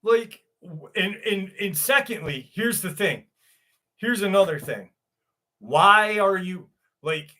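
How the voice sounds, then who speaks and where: A man's voice: high-pitched, expressive, slow pace, bright, forceful tone. A man hosting a casual livestream, joking crudely and greeting chatters by name. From New York. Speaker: livestream host.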